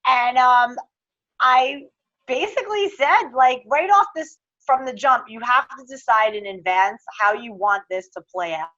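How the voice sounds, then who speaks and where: A woman's voice: on the high side, unhurried, bright, forceful tone. A woman, a relationship coach guesting on a talk show, giving confident, practical advice over a video call. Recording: dull lo-fi call audio.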